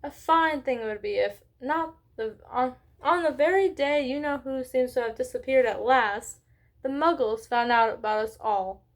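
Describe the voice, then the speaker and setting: Stern, clipped older professor, a touch high-pitched, exasperated, as a woman reader puts her on. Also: animated, a little slow. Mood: impatient.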